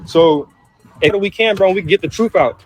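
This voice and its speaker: A man's voice: sits high, normal speed. A man ranting with heat about his mother, cursing and repeating himself, over faint music. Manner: heated, profane, repeats himself. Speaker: brother in a family feud clip. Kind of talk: emotional rant.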